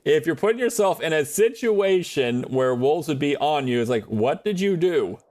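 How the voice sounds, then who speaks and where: A man chatting casually on a live gaming stream, rambling and animated as he reads and answers chat from his viewers. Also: a little high, moderate pace. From United States.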